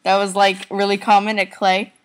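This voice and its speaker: A woman's voice: mid-range voice, monotone, moderate pace. A teenage girl chatting casually to her webcam while lying on a couch at home, rambling and giggling. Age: teens. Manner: rambling, giggly, talks to viewers and family off camera. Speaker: vlogger. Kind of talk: casual chatty video reply.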